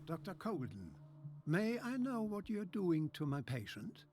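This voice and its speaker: A scheming male doctor who talks down to everyone in a silky, patronizing way with a faint German accent. His voice sits fairly high for a man and rises and falls in lively swoops. There is faint music underneath. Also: a little slow. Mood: condescending. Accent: slight German. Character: smug scheming male mad-scientist doctor. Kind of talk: video game voice acting.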